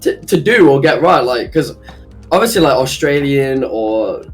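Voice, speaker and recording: A man's voice: medium pitch, animated, a little slow, faint music behind. A man talking as a guest on a casual stream, hesitant, with many restarts and self-deprecating laughs. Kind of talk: casual chat.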